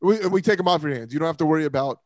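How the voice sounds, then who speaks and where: A man's voice: a little high, very fast, a crowd in the background. A man hosting a casual sports talk show, joking and laughing often.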